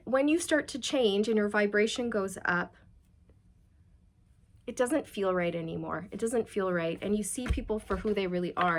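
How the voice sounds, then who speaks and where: A woman's voice: on the high side, a bit bright. A woman giving a chatty, reassuring tarot reading and passing on channeled messages directly to her viewers. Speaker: tarot reader.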